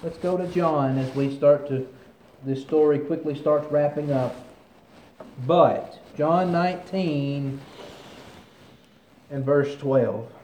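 Male preacher, sermon, forceful scripture reading, conversational asides, slightly high voice, echoey room. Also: slow, long pauses, slight background noise. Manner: reads scripture aloud with rising force, comments conversationally.

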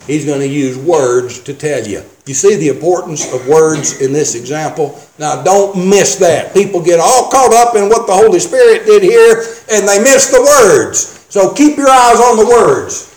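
A man with a high-pitched voice delivers an emphatic sermon, stopping to read scripture aloud. He drives each point home with rhetorical questions. The sound carries a roomy echo. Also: lively intonation, normal speed, few pauses. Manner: emphatic, reads scripture in King James wording, asks rhetorical questions. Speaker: preacher.

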